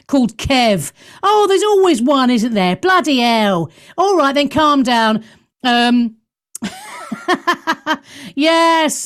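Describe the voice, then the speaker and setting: Middle-aged british woman doing live radio chat, bit high-pitched, self-deprecating, swears a bit. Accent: British English. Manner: chatty, self-deprecating, exclaims and swears lightly. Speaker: radio show host.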